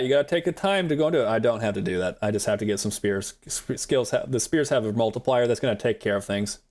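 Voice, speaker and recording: A young man chatting rambly to his viewers while playing a game live, talking into a desk mic. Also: mid-range voice. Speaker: streamer. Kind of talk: live gameplay commentary.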